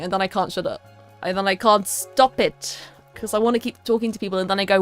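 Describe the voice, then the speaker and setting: A woman's voice: mid-range voice, a little fast, a bit bright, soft background music. A young woman streaming a casual chat, rambling and stammering with lots of restarts.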